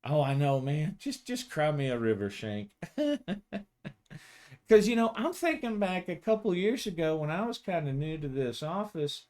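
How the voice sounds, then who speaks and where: A man's voice: on the high side, sing-song, a little mellow, voice pushed up. A man voicing a brash, teasing senior female police officer who talks in a sing-song mocking way, in a solo tabletop game. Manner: sing-song taunting, drawn-out.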